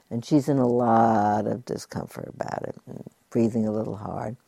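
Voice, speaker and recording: Low, gravelly-voiced woman teacher. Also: no room sound. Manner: gentle and unhurried, retelling a story with asides. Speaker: meditation teacher. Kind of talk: dharma talk with storytelling.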